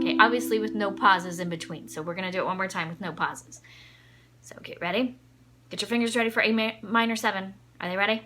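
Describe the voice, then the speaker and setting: A woman's voice: medium pitch, steady tone, fast talker, over loud music. A woman teaching a ukulele lesson, patiently counting the beats aloud. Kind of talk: music lesson. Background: ukulele playing.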